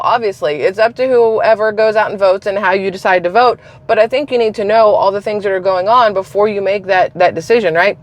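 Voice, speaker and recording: A woman hosting a political commentary vlog, talking in a blunt, opinionated, casual way. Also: medium pitch. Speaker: channel host.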